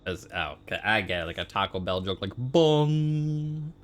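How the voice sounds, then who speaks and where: A man's voice: low-pitched, fast talker. A man giving casual, rambling commentary while playing a game, full of joking asides. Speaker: game player. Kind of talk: casual let's-play commentary. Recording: steady background noise.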